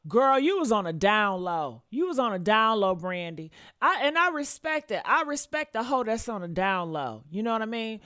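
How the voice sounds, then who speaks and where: A woman's voice: a little high, animated, normal speed, few pauses, sharp tone. A woman hosting a celebrity gossip channel, talking in a sassy, blunt, scolding way.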